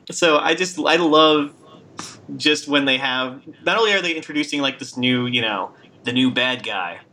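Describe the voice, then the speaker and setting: A man's voice: medium pitch, a little slow, sharp tone. A man hosting a casual podcast chat, laughing often and joking with his co-hosts. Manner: laughs often, loose and jokey. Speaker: podcast host.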